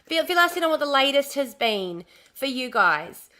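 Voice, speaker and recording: Live streamer, Australian woman, bit raised pitch, bright tense tone, slightly hoarse, chatty and repetitive. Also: moderate pace. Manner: chatty, repeats words, greets viewers excitedly. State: slightly hoarse, recovering from lost voice. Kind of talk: casual live stream chat.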